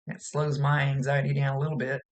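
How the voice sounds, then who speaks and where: A woman's voice: rumbling low, little pitch movement, brisk. A woman working as a psychic medium, giving a casual reading in a chatty, folksy, rambling way.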